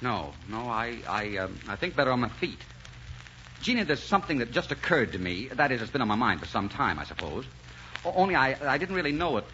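An actor playing an earnest young male composer in an old radio drama, shy and halting at first and then full of passion. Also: mid-range voice, big pitch swings, pushed and bright, slight background noise. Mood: bashful. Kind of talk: 1940s radio acting. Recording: muffled old radio broadcast with music.

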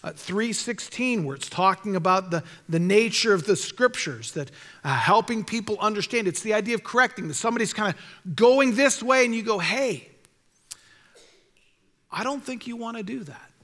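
Man, pastor, sermon, high voice, bright, urging, repeats phrases. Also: fairly quick. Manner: earnest, exhorting, repeats key phrases. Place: church sanctuary. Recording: reverberant church hall.

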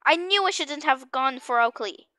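A woman giving excitable, panicky game commentary, often repeating her exclamations. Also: sits high, normal speed, no echo, clean studio sound. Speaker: gamer.

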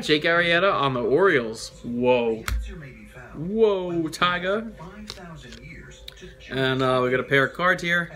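Male toy-show host, unhurried and jokey, with a crisp, bright tone. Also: on the high side. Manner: chatty, reads names aloud, joking asides. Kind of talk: casual card-opening chat.

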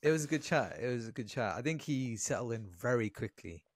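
A man's voice: mid-range voice, expressive, a little fast, no echo, clean studio sound. A young man, hosting a podcast and steering the chat with loose questions. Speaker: podcast host. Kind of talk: casual chat.

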